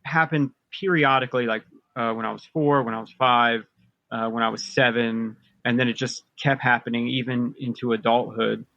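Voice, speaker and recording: A man's voice: mid-range voice, fairly even intonation, moderate pace, creaky, no echo. A man recounting personal experiences as a podcast guest, rambling through a long story with many fillers and restarts. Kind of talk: casual storytelling. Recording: dull lo-fi dry sound.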